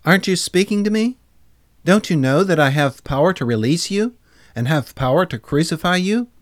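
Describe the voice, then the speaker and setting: A stern, uneasy Roman governor pleads and demands in a raised voice, as a man reads him aloud. The voice sits high and the reading is dry and close-miked. It belongs to a dramatized scripture reading. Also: expressive, normal speed, no echo, close to an everyday voice. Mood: demanding.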